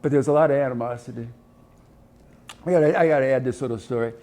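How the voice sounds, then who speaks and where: A man's voice: medium pitch, fast. A man in his seventies from Ohio, a military veteran telling stories in an oral history interview, acting out voices and sounds as he goes. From Ohio, USA. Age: older, 70s. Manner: animated anecdotes, acts out voices and sounds.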